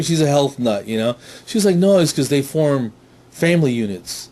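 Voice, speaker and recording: A middle-aged man telling a stand-up comedy story, animated, slipping in silly character voices. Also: a little high, normal speed.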